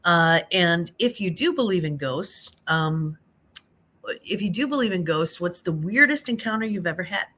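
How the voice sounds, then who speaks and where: Woman host, lowish voice, half awake, easygoing chat with viewers in the small hours. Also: animated, moderate pace, a bit bright. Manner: chatty, reads viewer comments aloud, calls people honey. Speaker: live stream host. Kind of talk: casual late-night live chat. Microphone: phone.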